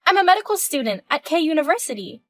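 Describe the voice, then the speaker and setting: A woman's voice: high-pitched, big pitch swings, fast talker, no room sound, pitched above the performer's own voice. A woman doing a smug, taunting young mistress. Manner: taunting, condescending. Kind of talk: reading a text-message story.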